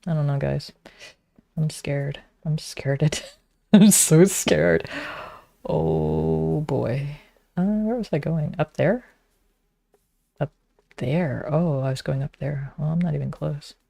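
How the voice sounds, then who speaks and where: A woman's voice: deep voice, a little slow, gravelly, long pauses, warm tone, dry recording. A woman streaming a game, chatting casually and teasing her viewers.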